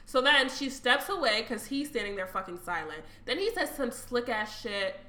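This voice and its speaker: A woman telling a story in casual chat, animated and profane, often breaking into laughter. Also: on the high side, normal speed.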